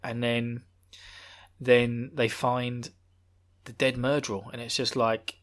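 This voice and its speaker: Guy hosting a podcast, rambly and chuckly, middle-pitched. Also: level tone, slow pace. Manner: rambling, laughing, self-interrupting. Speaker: podcast host. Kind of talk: casual chat.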